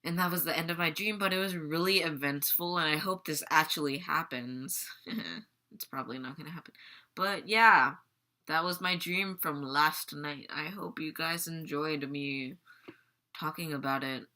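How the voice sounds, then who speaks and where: A woman's voice: low voice, moderate pace, bright, forceful tone. A teenage girl vlogging casually, rambling and giggling as she retells a dream. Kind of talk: casual storytelling vlog.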